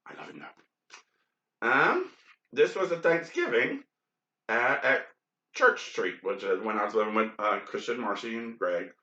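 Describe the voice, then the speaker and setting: A man's voice: mid-range voice, very animated, unhurried, pauses often, pushed and bright. A man hosting a casual podcast, rambling frankly over old photos with many ums and asides. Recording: dull, lo-fi, roomy sound.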